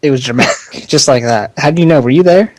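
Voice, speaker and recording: A man's voice: mid-range voice, fast talker, a little mellow, no room sound. A young man co-hosting a casual podcast, laughing often and stumbling through the news he reads. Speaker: podcast co-host.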